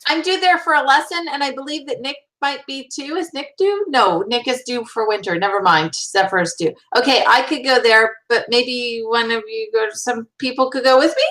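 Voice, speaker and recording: A woman's voice: on the high side, moderate pace, hardly any pauses, a bit bright, low-quality recording. A woman playing a tabletop game, chatting eagerly about her character's actions. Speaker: player. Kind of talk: casual tabletop play.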